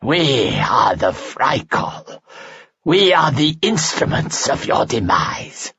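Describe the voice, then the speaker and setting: A man's voice: medium pitch, sing-song, takes it slowly, a bit bright, slightly rough, pitched above the performer's own voice, exaggerated voice. A man voicing a sinister undead creature in an audiobook, hissing and wheezing with a labored voice. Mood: gloating. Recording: dull lo-fi audio.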